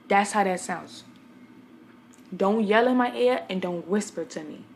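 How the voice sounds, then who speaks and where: Young woman vlogger from Brooklyn, medium-pitched, blunt and chatty, talks straight to her viewers. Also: normal speed, a little hiss or hum. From Brooklyn, New York. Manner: chatty, blunt storyteller addressing viewers directly. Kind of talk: casual talk to camera.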